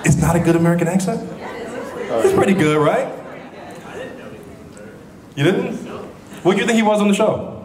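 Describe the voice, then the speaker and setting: A man's voice: sits high, moderate pace, long pauses. A man chatting as a guest on a convention panel, telling stories with a joking, laughing manner. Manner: jokey, laughing, storytelling. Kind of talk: casual convention panel chat. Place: large convention hall. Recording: echoey hall with crowd noise.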